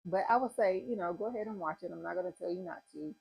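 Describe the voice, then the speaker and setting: A woman's voice: fairly low pitch, fast talker, creaky, a little mellow, husky, poor audio. A woman vlogger giving a rambling, chatty movie review in a casual talking style. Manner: chatty, rambling retelling with asides. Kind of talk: casual chat.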